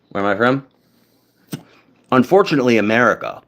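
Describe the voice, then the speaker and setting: A man's voice: fairly low pitch, lively intonation, normal speed, long pauses, fairly bright tone. A young man from New England chatting casually with his viewers, rambling and swearing, with many fillers. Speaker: streamer.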